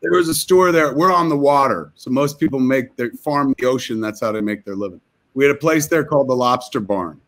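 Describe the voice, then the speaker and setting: A man's voice: mid-range voice, fairly bright tone. A man telling a rambling, profane comic story over a video call.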